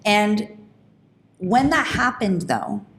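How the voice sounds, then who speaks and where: A woman hosting a podcast, telling a personal story in an animated, emphatic way, with quick restarts. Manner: animated, fast talking with frequent restarts; emphatic, rising pitch when indignant. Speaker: podcast host.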